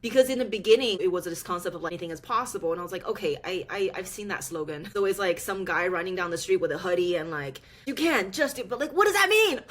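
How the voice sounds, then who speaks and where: A woman in her thirties, from China, telling her own story as a podcast guest in lively, expressive chat, with frequent laughs and sudden jumps up in pitch. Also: fast. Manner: animated storytelling, laughs often, voice jumps up when excited. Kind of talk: casual interview chat.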